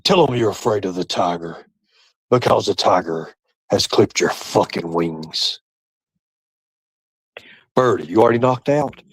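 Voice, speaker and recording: A man hosting a casual livestream, talking to his chat and a guest. He taunts and mocks in a profane voice, dropping to low mutters and then jumping into high, excited outbursts. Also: measured pace, long pauses, slightly rough, dry recording, low-quality recording. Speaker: livestream host. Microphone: streaming setup.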